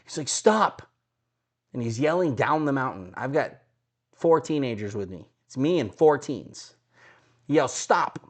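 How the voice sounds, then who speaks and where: Speaking at a normal pace with a medium-pitched voice, a man co-hosting a podcast swaps casual stories. Recorded in a studio, he acts out quotes with animation and laughs frequently.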